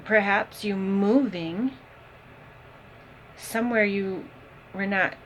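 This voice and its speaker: Slow-talking woman reading tarot. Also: mid-range voice, a bit bright, slight background noise, rough recording. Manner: unhurried, thinking aloud with many ums. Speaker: tarot reader. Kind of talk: casual tarot reading to camera.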